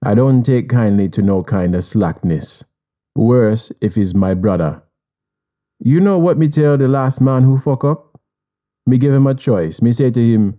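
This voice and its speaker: Jamaican male audiobook narrator, mellow lower voice, measured menacing delivery. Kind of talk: audiobook reading.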